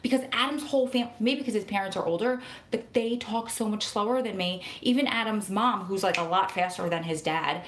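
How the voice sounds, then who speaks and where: Fast-talking New woman. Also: medium pitch. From New Jersey. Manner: fast-talking, excitable, rambling. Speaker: vlogger and prison wife advocate. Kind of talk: casual live-stream chat. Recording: echoey room.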